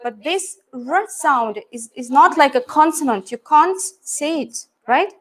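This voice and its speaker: A woman's voice: sits high, lively intonation, unhurried. A middle-aged woman, an English teacher, explaining how she teaches pronunciation and often checking in with "yeah?" and "right?".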